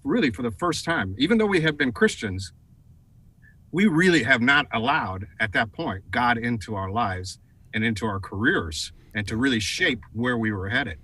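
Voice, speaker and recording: A middle-aged man telling a story in a TV interview, animated and full of fillers and repeated words. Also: mid-range voice, normal speed, breathy edge, low-quality recording. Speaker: guest, advertising executive.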